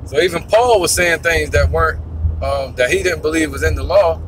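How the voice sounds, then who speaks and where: A man talks scripture in a loose, rambling way, swearing as he goes and speaking bluntly. His voice sits a little high. Faint road noise hums behind him. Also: normal speed, fairly bright tone. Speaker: religious teacher. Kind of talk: casual preaching monologue.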